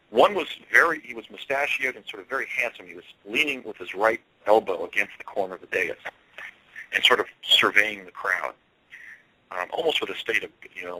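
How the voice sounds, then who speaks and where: A man telling a long first-person story as an interview guest, earnest and halting, with frequent fillers. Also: on the low side, sharp tone, breathy edge, no echo, low-quality recording.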